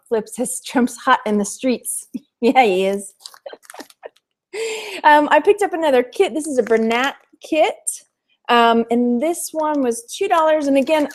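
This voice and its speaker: A chatty woman from Texas hosts a casual live stream about her resale finds. She laughs easily as she talks, and her voice sits slightly high. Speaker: reseller hosting a live stream.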